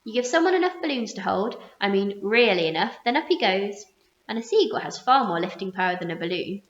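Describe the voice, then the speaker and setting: Lady reading as a calm earnest boy, storybook, roomy muffled sound. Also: mid-range voice, brisk, lightly acted. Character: earnest resourceful young boy.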